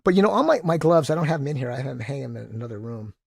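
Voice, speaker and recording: A man in his sixties, a podcast guest who tells animated, enthusiastic stories and acts out the quotes. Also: mid-range voice, rapid-fire, vocal fry, crowd noise. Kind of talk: casual storytelling interview.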